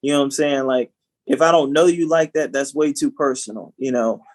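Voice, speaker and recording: A man's voice: mid-range voice, brisk. A man co-hosting a podcast in casual chat, talking animatedly with frequent restarts. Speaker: podcast co-host.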